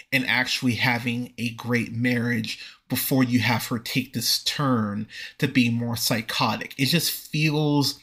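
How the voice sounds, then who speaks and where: A man hosting a movie review podcast, talking casually with frequent pauses and restarts. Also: medium pitch, a bit bright. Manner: conversational, frequent fillers and restarts. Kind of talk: casual spoken film review.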